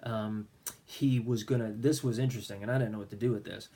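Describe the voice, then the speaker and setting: A man's voice: on the low side, fairly even intonation, fast talker, dark tone. A middle-aged man, a minister, earnestly telling a personal faith story and acting out his own prayers. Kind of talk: personal faith testimony vlog.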